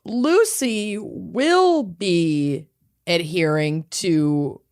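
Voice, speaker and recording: A woman's voice: very slow, darkish tone. A woman co-hosting a casual podcast, drawling and playful, a bit tipsy. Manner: drawling, playful, swings up and down in pitch. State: tipsy and high. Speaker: podcast co-host. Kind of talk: casual chat.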